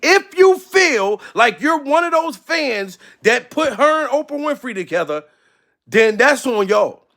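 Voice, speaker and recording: Male comedic commentary host, high gravelly voice, loud exasperated profane rants. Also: very animated, unhurried. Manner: loud, profane, exasperated ranting, often shouting.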